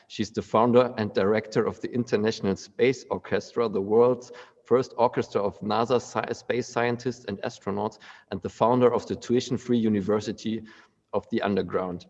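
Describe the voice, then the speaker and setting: A man hosting a symposium, introducing a speaker in an earnest, halting way with fillers. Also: fairly low pitch, a little mellow, long reverb tail, dull audio. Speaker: event host.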